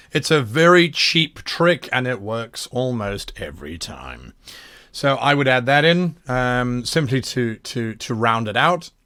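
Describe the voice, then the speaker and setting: A man running a workshop as a game master, critiquing adventure submissions in a quick, wry, self-mocking way. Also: on the high side, fairly bright tone.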